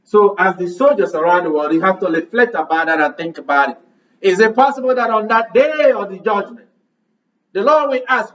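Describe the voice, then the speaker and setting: High-voiced preacher man, distant and muffled. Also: a little fast, a bit bright. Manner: rhetorical questions, emphatic preaching. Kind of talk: sermon.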